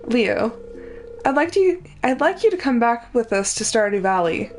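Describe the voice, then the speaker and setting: A woman reading aloud the lines of a gentle older man who lives alone in nature, in her own voice. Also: on the high side, sing-song, normal speed, slight background noise.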